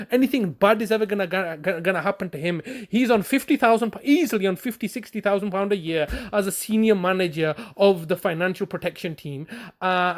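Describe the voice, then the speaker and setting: A man delivering an indignant, sarcastic ranting monologue to his viewers. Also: sits high. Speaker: video blogger.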